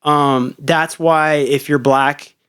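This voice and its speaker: A man's voice: a little high, steady tone, takes it slowly, a bit bright, clean tone. A young man hosting a podcast in loose, casual chat, swearing often and rambling through ideas with many fillers. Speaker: podcast host.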